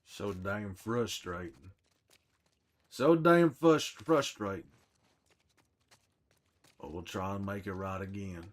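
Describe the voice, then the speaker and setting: A man with a fairly low voice talks slowly, leaving long pauses, as he plays a grizzled, protective, hot-tempered middle-aged survivor and comments on the game in character. The mood is bitter and regretful, with lots of swearing and self-reproach.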